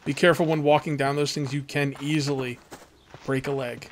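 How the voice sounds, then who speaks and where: A fairly high-voiced man rambles through casual gameplay commentary, chatting straight to his viewers as a let's play host. He talks loosely, full of asides, with a faint hiss of noise behind him. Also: fairly even intonation, brisk.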